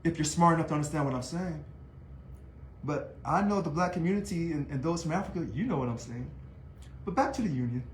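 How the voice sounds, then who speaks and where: Animated high-voiced man, echoey room. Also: a little fast, slight background noise. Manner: animated, taunting, rhetorical questions. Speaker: union leader. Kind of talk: casual video monologue.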